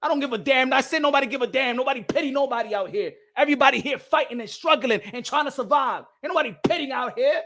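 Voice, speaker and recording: Shouting, mocking high-voiced man. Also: quick pace, few pauses. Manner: loud, mocking, profane, often shouting. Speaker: boxing channel host. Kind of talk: heated ranting commentary.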